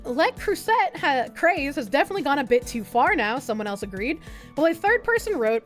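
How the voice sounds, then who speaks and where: A woman streamer with a high voice reacts to an article in casual, sarcastic chatter. She swears freely and darts off into quick asides. Faint music runs behind her. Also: sing-song.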